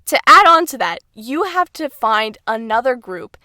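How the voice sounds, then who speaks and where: Young female podcast co-host, somewhat high voice, jokey and giggly, lots of fillers. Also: very animated, normal speed, bright, forceful tone, no room sound. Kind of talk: casual chat.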